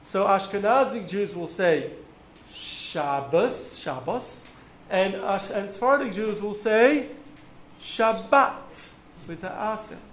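A man with a fairly high voice explains step by step to a class, pausing often with ums. The sound rings around an echoey room with a faint hiss underneath. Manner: patient, explanatory with frequent ums. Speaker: teacher.

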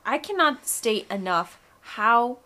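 A woman's voice: a little high, expressive, slow pace, pushed and bright. Blunt young woman chatting. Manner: blunt and candid. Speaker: podcast co-host. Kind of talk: casual chat.

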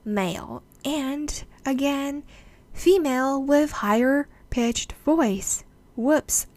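Slow-paced woman explaining to viewers. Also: a little high. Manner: measured, explanatory, addresses viewers directly. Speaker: presenter. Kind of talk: explanatory video talk.

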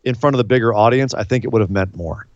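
A man co-hosting a casual chat about a wrestling show, animated and acting out the quotes he retells. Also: lowish voice, quick pace, no echo, highs cut off. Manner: animated, acts out quotes in put-on voices. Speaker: podcast co-host.

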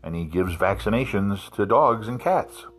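A man from South Carolina casually telling a profane, animated anecdote. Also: on the low side, normal speed. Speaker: storyteller. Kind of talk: casual storytelling.

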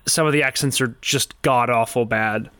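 A man with a bright, crisp voice talks through a game in relaxed podcast banter. His delivery is animated and jokey. The sound is close and dry, with no room around it. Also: mid-range voice, moderate pace, dry recording. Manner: joking, animated storytelling. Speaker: podcast co-host. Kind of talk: casual gaming podcast chat.

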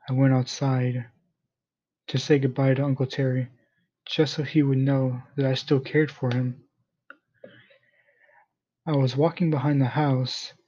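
A man reading a first-person story aloud in a plain, steady manner, in a dull lo-fi recording. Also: mid-range voice, husky.

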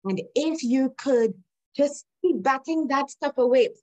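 A woman's voice: high-pitched, a little slow, darkish tone, low-quality recording. Earnest woman telling her story. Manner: earnest, reflective, laughs now and then. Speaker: guest. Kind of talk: personal storytelling in an interview.

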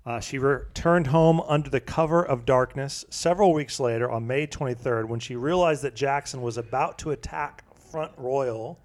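A man co-hosting a casual podcast, telling a history story in a halting way with many fillers and restarts. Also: mid-range voice, a little mellow. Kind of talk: casual chat.

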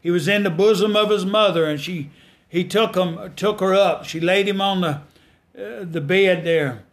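A man's voice: high-pitched, normal speed. A man preaching a sermon in a folksy way, repeating phrases and rising to fervent exhortation.

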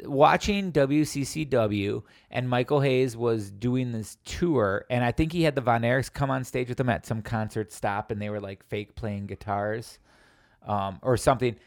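A man hosting a casual chat, relaxed and reminiscing, quick to laugh. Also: medium pitch, gravelly, dry recording, studio quality. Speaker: podcast host.

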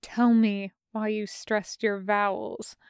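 A woman voicing a tense, soft-spoken young man who talks in a quiet, hushed way. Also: medium pitch, little pitch movement, takes it slowly, clean tone, dry recording, studio quality, close to an everyday voice. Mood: hushed, anxious.

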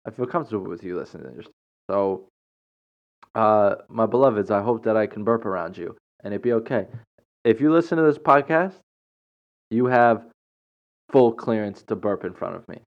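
A man with a fairly low voice hosts his own podcast, telling a story off the cuff. He rambles, restarts his sentences and chuckles between thoughts, and the recording sounds dull and lo-fi. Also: expressive, normal speed, pauses often. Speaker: podcast host. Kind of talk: casual storytelling monologue.

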